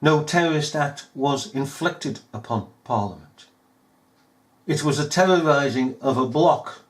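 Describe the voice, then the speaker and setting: A man giving scornful, emphatic commentary over news footage, full of rhetorical questions. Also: mid-range voice. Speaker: video commentator.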